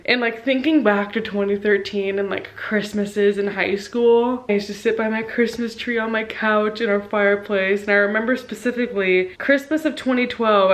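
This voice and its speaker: A woman in her twenties vlogging about books at home, chatty and gushing, quick to turn sentimental. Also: mid-range voice, low-quality recording. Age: 20s. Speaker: book vlogger. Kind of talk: casual chatty vlog.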